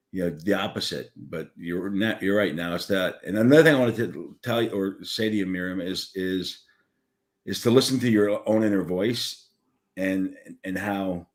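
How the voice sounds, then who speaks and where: A man speaking as a guest in an interview, telling a personal story in a reflective way and dropping to a soft, quiet voice at times. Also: on the low side. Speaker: guest, business founder.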